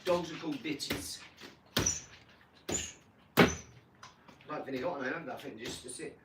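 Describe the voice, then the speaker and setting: A man chatting casually about his dogs, jumping into animated bits whenever he acts out a scene. His voice sits at an ordinary middle pitch. He is recorded a little off-mic in an echoey room, with clear background noise. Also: moderate pace, far from the mic. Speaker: vlogger. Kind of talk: casual rambling storytelling.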